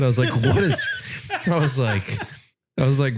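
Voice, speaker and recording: Low dark-voiced man telling stories. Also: moderate pace, a little hiss or hum. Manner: storytelling, laughs while talking. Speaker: podcast co-host. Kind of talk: casual chat.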